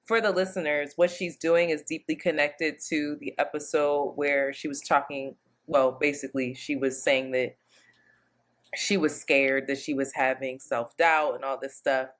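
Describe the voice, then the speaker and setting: A woman's voice: low-pitched, flat delivery, measured pace. A woman co-hosting a podcast in casual chat, talking in a slangy, playful, emphatic way. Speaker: podcast co-host.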